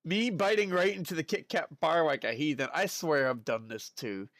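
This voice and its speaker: A man's voice: fairly high pitch, normal speed, a bit bright, dry recording. A male streamer chatting casually and playfully with his live chat while he works at his desk.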